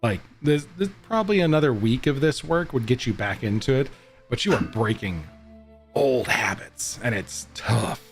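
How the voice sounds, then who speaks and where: A man running an online tabletop game as game master, with a mid-pitched voice. He narrates and explains the rules in a laid-back, rambling way. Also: normal speed, over music. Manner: relaxed, explanatory, with fillers.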